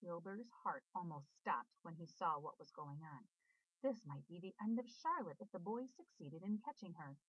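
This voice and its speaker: Woman reading a storybook, animated. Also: fairly low pitch, normal speed, husky, dry recording. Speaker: storybook reader. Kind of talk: children's book read-aloud. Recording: dull dry recording.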